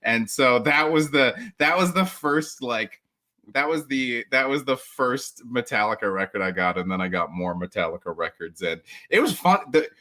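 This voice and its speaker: A man's voice: medium pitch, lively intonation, normal speed, bright, forceful tone. A man chatting casually as a podcast guest, rambling with many restarts, laughing often and acting out what other people said. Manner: acts out quoted people in mock voices. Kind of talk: casual chat.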